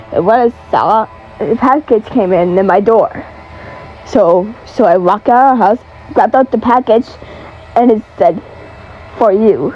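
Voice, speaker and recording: A woman telling a homemade creepy story in a halting, stumbling way, restarting words. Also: medium pitch, muffled recording.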